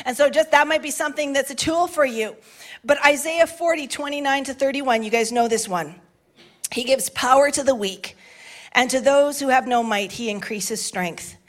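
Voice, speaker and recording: A middle-aged woman pastor preaches from the front of a church sanctuary with a balcony. Her voice sits high, and her delivery is passionate, climbing to shouts at the strongest points. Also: moderate pace. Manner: passionate, rising to shouts at climaxes. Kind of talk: sermon.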